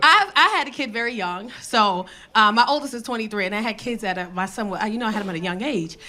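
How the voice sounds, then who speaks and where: A woman doing stand-up, blunt and profane, shouting punchlines and dropping low for asides. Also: animated, fast. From South Bronx, New York. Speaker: stand-up comedian. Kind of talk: stand-up routine. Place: comedy club stage.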